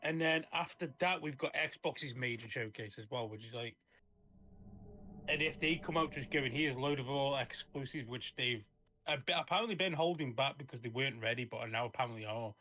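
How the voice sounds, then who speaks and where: A chatty man talking over a co-op game stream in a bright, forceful voice. He rambles about gaming news and reassures his friend when things break. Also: medium pitch, fairly quick. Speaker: co-op guest player. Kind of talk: casual gaming stream chat.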